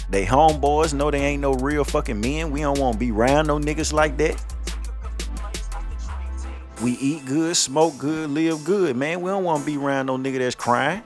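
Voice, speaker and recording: A man hosting a podcast, ranting at listeners in a blunt, profane, scolding way. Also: mid-range voice. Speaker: podcast host. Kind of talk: ranting monologue.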